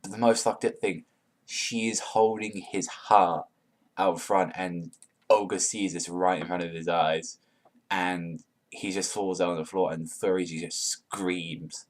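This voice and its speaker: A man reviewing a manga chapter in an excited, casual way, swearing often and filling his talk with "like". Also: low voice, unhurried. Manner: profane, hyped, heavy use of "like".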